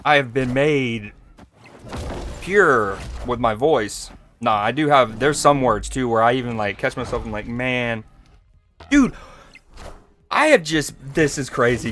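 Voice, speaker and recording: His mid-range voice is expressive and a bit bright, moving at a measured pace, with faint music in the background. A man from Georgia, he jokes and talks casually with his chat while streaming a card game.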